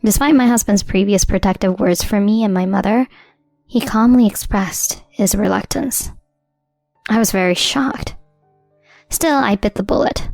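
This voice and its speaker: A woman narrating a scripted first-person story in an even, measured way. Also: medium pitch, creaky, no room sound, soft background music.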